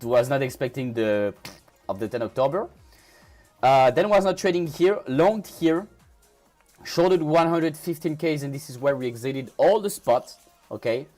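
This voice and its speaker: Speaking at a measured pace in a mid-range, slightly mellow voice, a crypto trading livestreamer chats casually with viewers as faint music plays. He is a native French speaker from France with a French accent who often restarts and repeats words.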